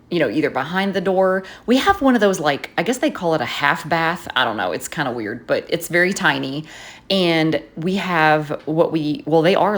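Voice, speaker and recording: Animated woman telling a story. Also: deep voice. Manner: animated, expressive, chatty. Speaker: journaling vlogger. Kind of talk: casual storytelling while journaling.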